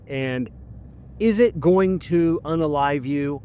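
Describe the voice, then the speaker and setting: A man's voice: mid-range voice, animated, normal speed, a little hiss or hum. A middle-aged man who works as a mechanic, hosting a podcast in a casual monologue and ranting bluntly with lots of swearing.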